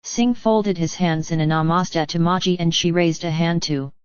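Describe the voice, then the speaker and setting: A woman reading an audiobook in scripted narration, voicing every character in the same even narrating voice. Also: lowish voice, normal speed, smooth, no echo, highs cut off.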